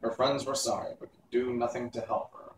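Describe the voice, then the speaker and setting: A man reads a classic children's story aloud at an even, measured pace. His mid-pitched voice comes from a distance in a roomy space, and a faint hiss sits behind it. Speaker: reader.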